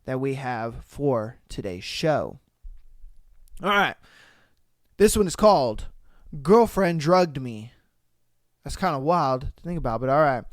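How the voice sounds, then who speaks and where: A young man hosting a live podcast, chatting casually, animated and profane with frequent laughter. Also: on the high side, dry recording, clean studio sound. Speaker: podcast host. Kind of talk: casual live-stream chat.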